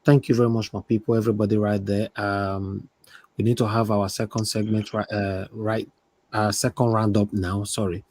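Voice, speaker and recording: Animated Nigerian man hosting a panel. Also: fairly low pitch, normal speed, no room sound. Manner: animated, slips into Pidgin banter, urges guests on. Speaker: show host. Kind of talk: live online panel talk.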